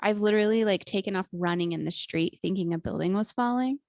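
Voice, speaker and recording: A woman's voice: medium pitch, fast, darkish tone, no echo, clean studio sound. A young woman co-hosting a podcast in casual chat, adding short replies and telling her own stories. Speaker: podcast co-host.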